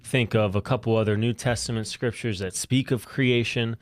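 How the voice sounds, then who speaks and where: A man's voice: medium pitch, fairly even intonation, normal speed, dry recording, clean studio sound. A man co-hosting a casual faith talk show, teasing his partner and steering the talk with questions. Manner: keeps the talk on track, teasing, asks questions. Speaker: co-host.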